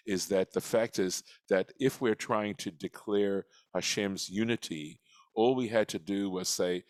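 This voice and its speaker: A man teaching a study class, explaining slowly and reflectively, often restarting his sentences. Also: low voice, dry recording. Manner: reflective and patient, with frequent restarts. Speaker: teacher leading a weekly text study class.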